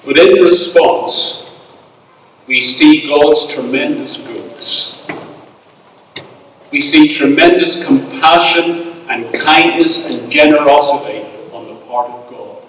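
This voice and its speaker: A male pastor, preaching a sermon in a measured, emphatic way with pauses. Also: fairly high pitch, a bit bright, slight background noise. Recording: echoey hall, speaker far from mic.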